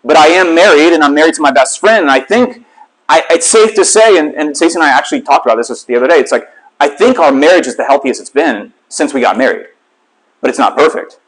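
A man's voice: fairly high pitch, expressive, fast, poor audio. A man giving a sermon in a candid, conversational storytelling way, as a lay teacher.

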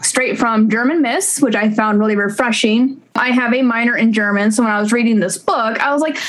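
A woman's voice: a little high, fairly quick, poor audio. A young adult woman hosting a podcast in a playful, bubbly, joking chat. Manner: playful, bubbly, jokes and giggles. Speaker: podcast host. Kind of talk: casual chat.

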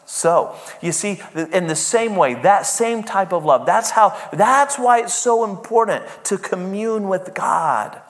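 A man's voice: high voice, animated, a little slow, hardly any pauses. A man preaching a sermon as pastor, conversational and emphatic, often checking in with the congregation. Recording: long hall reverb.

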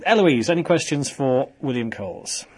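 A man hosts a talk radio show from the studio. His voice is slightly husky, and his talk runs chatty, wry and teasing as he banters with callers and co-hosts. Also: mid-range voice, animated, moderate pace. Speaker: radio presenter.

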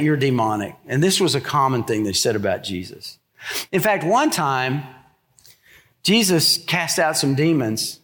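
Middle-aged male pastor, lively sermon delivery, slightly high voice, acts out the lines he quotes. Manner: storytelling, acts out quotes with sudden high shouts.

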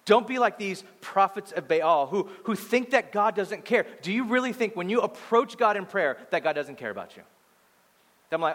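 High-voiced pastor preaching in a hall. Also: male voice, normal speed. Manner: animated storytelling, swinging from loud to hushed. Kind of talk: sermon. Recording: long hall reverb.

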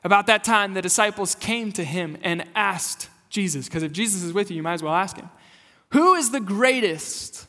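A young-adult man from rural Kansas, a lead pastor giving a conversational, animated sermon and asking the congregation questions. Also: high voice, brisk, hardly any pauses. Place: church sanctuary. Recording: long hall reverb.

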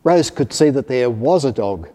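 A man reading a children's picture book aloud, expressive and animated. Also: medium pitch, moderate pace. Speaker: storyteller. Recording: reverberant hall.

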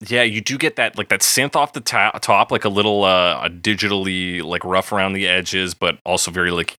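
A man's voice: deep voice, fairly quick, no room sound, clean studio sound. A man co-hosting a music review podcast, chatting casually with lots of fillers. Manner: relaxed, chatty, many fillers. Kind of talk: casual chat.

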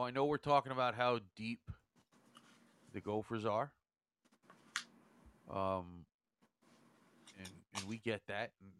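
A man co-hosting a hockey talk show, measured and dry, counting points out carefully. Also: medium pitch, a bit bright. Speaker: hockey analyst, co-host. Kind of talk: casual hockey chat.

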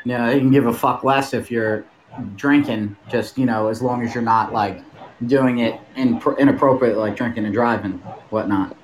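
A man co-hosts a casual livestream, talking loosely and swearing as he asks questions. His voice has an ordinary middle pitch. He sounds set back from the microphone. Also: steady tone, moderate pace, far from the mic, a little hiss or hum, rough recording. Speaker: stream co-host.

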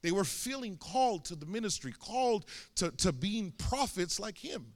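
A man's voice: high-pitched, very animated, normal speed. A young man preaching a sermon, telling a personal story with many fillers and restarts. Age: young adult.

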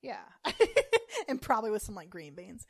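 A woman's voice: medium pitch, expressive, moderate pace, gravelly, husky, dry recording. Chatty woman with dry close sound. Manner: chatty, laughs often, tells rambling anecdotes. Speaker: podcast co-host. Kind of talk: casual chat.

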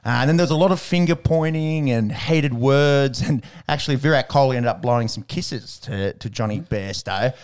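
A man's voice: medium pitch, moderate pace, few pauses, clear, resonant tone. Joking man talking cricket. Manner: joking, laughs often, animated storytelling. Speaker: podcast co-host. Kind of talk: casual cricket chat.

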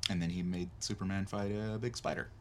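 A man's voice: deep voice, steady tone, brisk. A man co-hosting a casual movie podcast, dryly chiming in with trivia and corrections. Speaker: podcast co-host.

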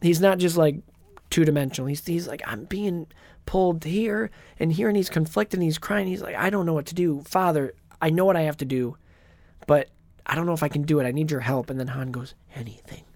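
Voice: mid-range voice, darkish tone, no room sound. A podcast co-host with a mid-range voice walks through a film's plot. They slip into brief character impressions along the way, and the recording is dry and close. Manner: retells scenes with quick impressions of characters. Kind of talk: casual movie recap.

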